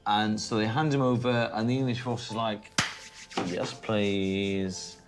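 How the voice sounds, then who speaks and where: A man's voice: mid-range voice, fairly even intonation, fairly quick, music in the background. A drunk man telling a history story in a rambling, jokey way. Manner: rambling, jokey, slips into silly voices. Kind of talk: drunken comic retelling of history.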